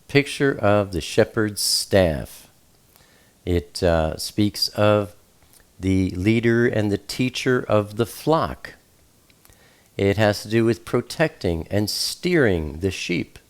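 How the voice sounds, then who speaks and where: A man teaching scripture slowly and deliberately, with frequent fillers as he spells out Hebrew letters and their meanings. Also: low voice, smooth. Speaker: Bible teacher.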